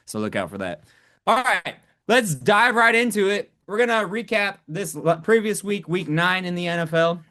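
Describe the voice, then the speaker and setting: A man's voice: sits high, very animated, moderate pace, sharp tone. A man co-hosting a sports podcast, talking in a laid-back, casual way with frequent swearing and laughter. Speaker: podcast co-host.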